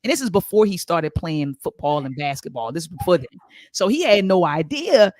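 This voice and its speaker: A woman hosting a talk show, telling stories in an animated way and repeating words for emphasis. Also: on the low side, brisk, dry recording, studio quality. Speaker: host. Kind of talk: casual talk-show discussion.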